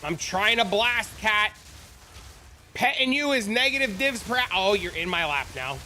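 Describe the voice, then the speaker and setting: A man's voice: high-pitched, unhurried, a little hiss or hum. A man streaming a game, chatting casually with viewers, swearing freely and bantering. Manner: profane, animated and bantering. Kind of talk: casual live-stream chat.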